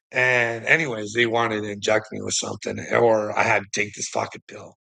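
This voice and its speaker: A man's voice: lowish voice, level tone, brisk, gravelly, few pauses, pushed and bright, poor audio. A man telling a rambling personal story to a relative, swearing constantly and laughing often.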